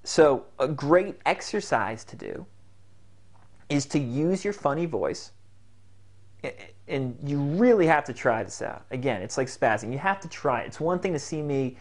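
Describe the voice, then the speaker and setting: A man's voice: fairly high pitch, lively intonation, unhurried. A man coaching a self-help exercise, explaining it in an earnest, repetitive way. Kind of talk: instructional talk to camera.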